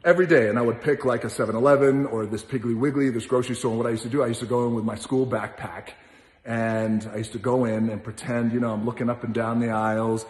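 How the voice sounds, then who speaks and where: A man spins a casual story with lively energy, slipping into bits of song along the way. His mid-pitched voice rings through a big hall with a long, roomy reverb. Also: fast talker. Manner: animated storyteller, breaks into song, laughs. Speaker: storyteller answering questions. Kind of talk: casual anecdote. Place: large gym.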